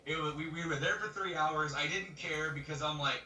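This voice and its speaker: A man co-hosting a podcast, telling a story in casual chat, animated and laughing as he acts out other people's lines. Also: fairly high pitch, a little fast, few pauses. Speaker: podcast co-host. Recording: roomy webcam mic from a distance, faint noise.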